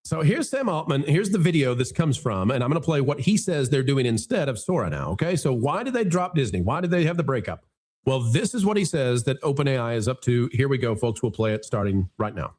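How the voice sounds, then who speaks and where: A man's voice: mid-range voice, a little fast. A man hosting a casual commentary podcast, reading quotes aloud and reacting to them. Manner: animated, reads quotes aloud. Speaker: podcast host.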